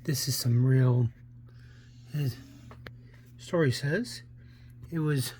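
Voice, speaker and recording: A man's voice: mid-range voice, slow pace, darkish tone, slight background noise. A man hosting a casual comic book read-through, rambling with many fillers and restarts. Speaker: comic book channel host.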